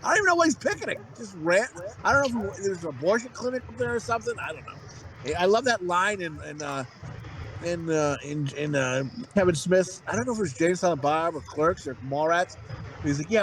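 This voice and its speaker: A man's voice: sits high, lively intonation, a little fast, a bit bright, a little hiss or hum. A man in his thirties, a podcast co-host, telling crude rambling stories in casual chat and acting out what people said. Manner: crude, rambling storytelling with acted-out quotes.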